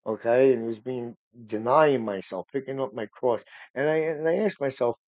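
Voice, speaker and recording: A man hosts a relaxed podcast about faith, his dark, mellow voice sitting in the mid range at a normal speed. He rambles sincerely and becomes heated on the subject of preachers. The recording is close, dry and echo-free, though muffled.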